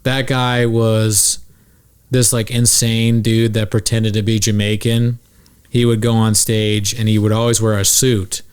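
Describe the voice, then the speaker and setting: Guy hosting a podcast, smooth clear voice, rambly and swears a lot, says like constantly. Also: fairly low pitch, level tone, unhurried. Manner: rambling, profane, heavy use of "like". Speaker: podcast host. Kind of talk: casual chat.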